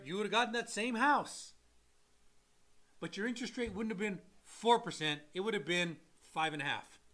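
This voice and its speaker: A man who is a loan officer and co-host, giving casual mortgage advice and acting out people in quick quoted voices. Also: sits high, pushed and bright. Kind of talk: casual live-stream advice talk.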